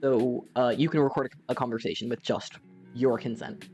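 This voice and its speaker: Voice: mid-range voice, fairly even intonation, moderate pace, darkish tone, faint music behind. Chatty young gaming streamer telling a story. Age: young adult. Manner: chatty, rambling, with frequent fillers. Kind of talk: storytelling while playing a game.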